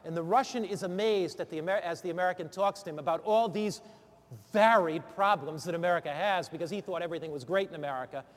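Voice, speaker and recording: Man, preacher teaching preachers, high voice, rousing call-and-response questions, long ringing hall echo. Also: quick pace. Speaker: preacher training other preachers. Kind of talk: sermon-preparation instruction turning into preaching.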